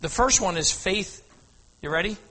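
A man with a high, bright, slightly husky voice preaching a lively storytelling sermon. He keeps checking in with the congregation and urging them to watch closely. His voice rings with a long reverb through a large church hall. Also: moderate pace. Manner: animated, asks the crowd "Amen?", often says "now watch".

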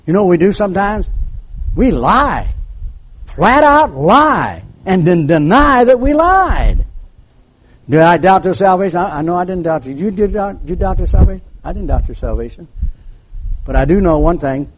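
A man's voice: sits high, fairly quick, husky. Older male preacher telling a story. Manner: storytelling preacher, acts out voices, drops to hushed tones. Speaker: pastor. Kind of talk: sermon.

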